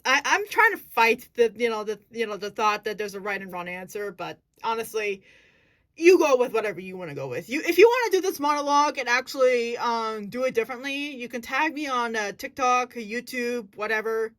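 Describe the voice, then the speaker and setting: A woman's voice: fairly high pitch, expressive, brisk, a bit bright. A woman giving a casual acting lesson, earnest and thinking aloud as she restarts her sentences. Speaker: acting vlogger.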